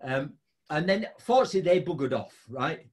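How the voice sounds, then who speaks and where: A high-pitched man tells a story in a lively, sing-song voice, jumping up into squeaky exclamations. He is a chatty host who laughs through much of what he says. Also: fairly quick. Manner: animated, laughing storyteller with big pitch jumps. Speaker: podcast host. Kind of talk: casual storytelling chat.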